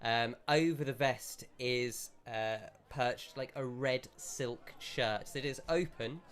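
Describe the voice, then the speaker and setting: A man narrating a tabletop game as game master, describing scenes in a relaxed, halting way with fillers. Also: medium pitch.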